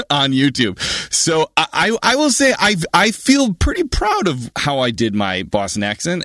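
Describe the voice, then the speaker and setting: A man being interviewed as an actor guest, talking in an animated way with frequent restarts and easy laughter. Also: medium pitch, no room sound, clean studio sound. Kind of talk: casual interview answers.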